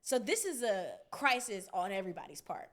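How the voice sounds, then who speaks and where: A young woman hosting a podcast, telling a story in a casual, animated, profane way, often laughing. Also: mid-range voice, fairly quick. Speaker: podcast host.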